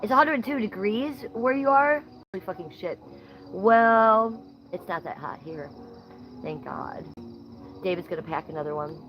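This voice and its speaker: Reading chat comments outside at night, an Ohio woman hosts a laid-back livestream, staying blunt and playfully profane. She speaks at a moderate pace in a lowish voice over background noise.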